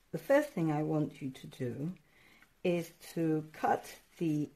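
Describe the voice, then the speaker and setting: A woman art teacher walking children through a craft lesson step by step, encouraging and excitable, pausing often with fillers. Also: deep voice, gravelly. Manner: encouraging, hesitant with many fillers; addresses children directly, excitable.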